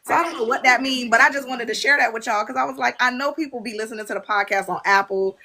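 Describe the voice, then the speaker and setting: A woman, hosting a casual podcast chat and telling stories with lively quoted voices. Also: a little high, fast. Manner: animated storytelling, acts out quotes. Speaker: podcast host. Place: livestream on a social app.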